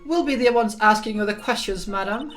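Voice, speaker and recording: A woman voicing a stern male prosecutor, reading game dialogue with measured, formal questioning. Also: on the high side, soft background music, lightly acted.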